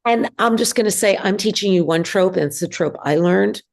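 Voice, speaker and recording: A woman teaching a synagogue class, speaking hesitantly with many ums and pauses. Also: medium pitch, vocal fry, a little mellow. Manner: hesitant, many ums, sings trope examples. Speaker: bar mitzvah trope teacher. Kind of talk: classroom lesson.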